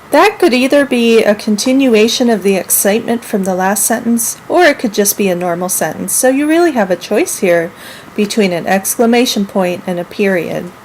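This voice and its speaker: A woman teaching a lesson to young children, speaking clearly and acting out example sentences with lively expression. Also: medium pitch, a little hiss or hum, poor audio. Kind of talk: model classroom minilesson.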